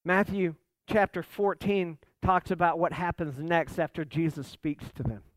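Male pastor, high-pitched, dry close sound, impassioned sermon delivery. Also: steady tone, measured pace, no echo. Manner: impassioned preaching, voice rising and dropping.

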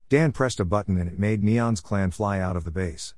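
A man reading out a homemade story in a plain, steady way. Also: fairly low pitch, normal speed, dry recording, studio quality.

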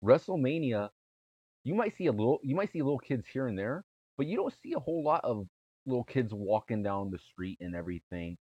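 A man's voice: mid-range voice, very animated, a little fast, darkish tone, breathy edge, no echo, muffled recording. A man co-hosting a wrestling podcast in casual chat, rambling and restarting his sentences. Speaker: podcast co-host.

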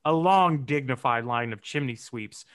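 A man's voice: medium pitch, moderate pace, fairly bright tone, clean tone. A man in casual podcast banter, making dry jokes. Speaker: podcast co-host. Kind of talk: casual chat.

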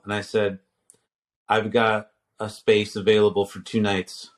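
A man's voice: on the low side, level tone, moderate pace, long pauses. A man in his fifties who teaches at a seminary, telling a story in casual conversation, restarting sentences and quoting himself and others.

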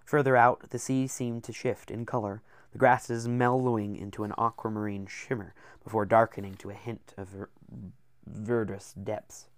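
A man narrating an audiobook in a steady, descriptive reading. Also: fairly low pitch, normal speed, no echo.

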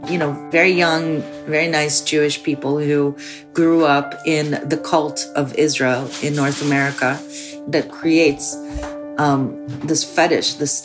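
A woman filmmaker from the Soviet Union recounting a personal story candidly, with frequent "like" fillers. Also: low voice. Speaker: filmmaker guest.

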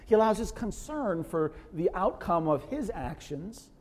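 A man's voice: sing-song, measured pace, darkish tone, in a large hall. A man preaching a sermon, acting out scripture characters in quoted speech. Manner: dramatizes biblical figures in quoted voices, pitch rising sharply. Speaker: pastor.

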